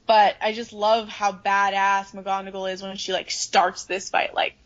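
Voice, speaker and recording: A woman's voice: mid-range voice, flat delivery, unhurried, lo-fi sound. A woman co-hosting a podcast, chatting casually and animatedly about a book, swearing freely and acting out the characters. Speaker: podcast co-host.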